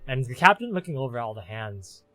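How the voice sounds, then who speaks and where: Guy gm narrating his homebrew game, mid-pitched voice, just keeps chaining clauses with "as" and "you see". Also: sing-song, quick pace, fairly bright tone, faint music behind. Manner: run-on storytelling, strings clauses with "as". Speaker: game master.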